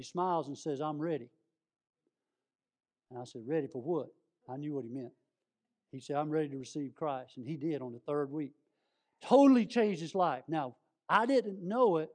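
A visiting preacher stands in a church sanctuary, addressing the congregation directly with a folksy, story-driven sermon. His voice sits fairly high and has a slightly mellow quality.

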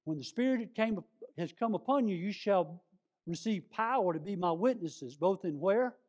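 A man's voice: high-pitched, expressive, moderate pace, a little mellow. A man preaching a folksy storytelling sermon in a church, speaking straight to the congregation. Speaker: visiting preacher. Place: church sanctuary.

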